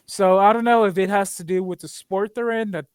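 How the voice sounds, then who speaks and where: A man co-hosting a podcast in casual chat, a relaxed storyteller who uses slang. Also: sits high, fairly quick, clear, resonant tone, no echo, clean studio sound. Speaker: podcast co-host.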